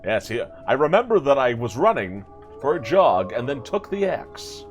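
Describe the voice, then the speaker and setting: A man's voice: mid-range voice, very animated, normal speed, faint music behind. A man hosting a let's play video, commenting playfully and sarcastically with jokey asides. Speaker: gaming video host.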